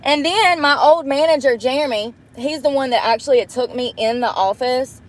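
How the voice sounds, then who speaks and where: A young woman with a fairly high voice talks bluntly and swears constantly, exasperated as she does her makeup. She is sitting in a parked truck and speaking into a phone camera in a loose storytelling way. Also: moderate pace. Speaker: vlogger livestreaming a get-ready-with-me. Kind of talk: casual storytelling while doing makeup.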